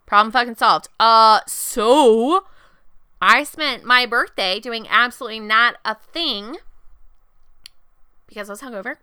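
Bright, crisp-voiced woman telling profane stories. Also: fairly high pitch, measured pace, long pauses, no room sound. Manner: profane, animated storytelling with quoted voices. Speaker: podcast co-host. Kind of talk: casual chat.

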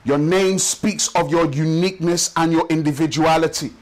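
Male pastor with a high voice, rhythmic repetitive sermon delivery. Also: fairly even intonation, rough recording. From Nigeria. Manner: rhythmic preaching with repeated phrases, slows for emphasis. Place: church service.

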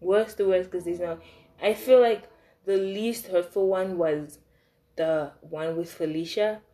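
A young woman telling a casual storytime about her crushes, animated, swinging between loud outbursts and soft asides. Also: on the low side, unhurried. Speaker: vlogger.

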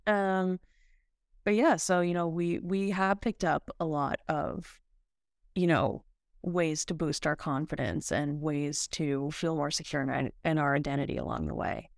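A woman's voice: sits low, unhurried, gravelly, no echo, clean studio sound. A woman co-hosting a podcast, chatting casually and easing into a question with fillers. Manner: relaxed, prompting questions with fillers. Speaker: podcast co-host.

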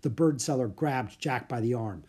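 Expressive, husky narrator reading a children's storybook. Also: mid-range voice, normal speed.

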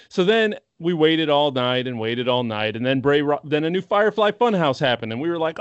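Animated man recapping, lo-fi dry sound. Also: on the high side, a little fast, hardly any pauses, clean tone, no echo. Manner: animated storytelling, acts out quotes. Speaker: podcast co-host. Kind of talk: casual chat.

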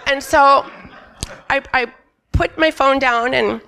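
A woman's voice: high-pitched, takes it slowly, creaky, bright, forceful tone. A middle-aged woman telling a candid, emphatic personal testimony on a church stage. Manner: candid, emphatic storyteller who quotes herself. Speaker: church member giving a testimony.

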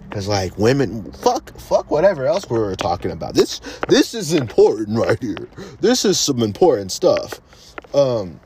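A man's voice: lowish voice, huge pitch swings, measured pace, darkish tone, slight background noise. A man hosting a podcast, rambling in a loose, profane, casual way. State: high. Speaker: podcast host.

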